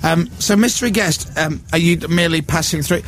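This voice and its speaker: A man's voice: a little high, a little fast. A man hosting a radio show, bantering cheekily with a mystery guest. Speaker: radio host. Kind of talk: casual chat.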